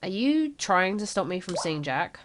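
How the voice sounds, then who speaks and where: Woman gamer, lively pitch, reads dialogue and choices aloud. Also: moderate pace. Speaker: let's play gamer. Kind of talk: reading a text game aloud.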